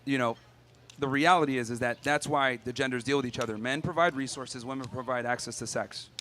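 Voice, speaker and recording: A man's voice: medium pitch, fairly even intonation, brisk, pushed and bright, slight background noise. A man on a dating show, arguing his point in a matter-of-fact, lecturing way.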